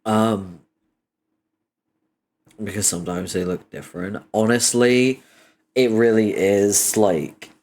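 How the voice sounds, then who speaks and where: A man's voice: slow, pauses often, slight background noise. A young man chatting casually on his stream, swearing freely and breaking into frequent laughter while telling stories. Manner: animated storytelling, laughter rising high in pitch.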